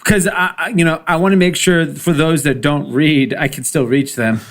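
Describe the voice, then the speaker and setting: A man with a fairly high voice, chatting casually as a podcast co-host. He talks earnestly and cites figures. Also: steady tone, normal speed. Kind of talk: casual chat.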